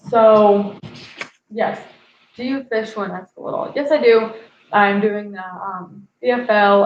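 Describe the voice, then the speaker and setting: A chatty young woman in her twenties hosts a casual live stream from home, answering viewers and chuckling at her own puns. Her voice sits at an ordinary middle pitch. The audio is roomy with an echo, a little dull, and carries a faint hiss. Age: 20s. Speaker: fishing channel host.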